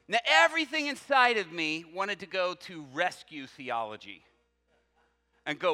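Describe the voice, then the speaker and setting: A man preaching a sermon, telling a story with quoted dialogue and swinging from loud to hushed. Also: high-pitched, very animated, normal speed, big-room sound.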